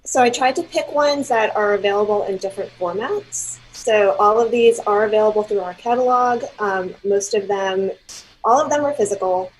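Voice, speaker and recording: A woman of middle pitch, a librarian guest, calmly suggests books over a video call. A faint hiss sits under her voice. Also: moderate pace, rough recording. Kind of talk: book recommendations in a chat.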